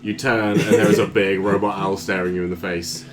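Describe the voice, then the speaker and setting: A man's voice: deep voice, level tone, brisk, music in the background. A man narrating as game master in a tabletop game, casual and loose, swearing freely. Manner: casual, swears freely, many fillers and laughs.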